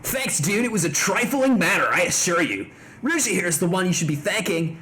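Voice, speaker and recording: Streamer man putting on a mellow surfer-dude engineer chief, drawling, lively ups and downs, for a game read-through. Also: high-pitched, fairly quick, pitched above the performer's own voice. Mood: laid-back. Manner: mellow, says dude a lot. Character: laid-back surfer-dude engineer chief, male, middle-aged. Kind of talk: reading game dialogue aloud on a stream.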